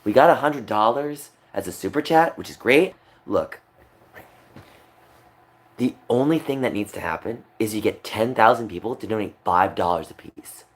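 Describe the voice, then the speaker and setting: A man's voice: fairly low pitch, expressive, normal speed. A young man on a livestream, talking upset and rambling, repeating himself. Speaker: streamer. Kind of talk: emotional livestream monologue.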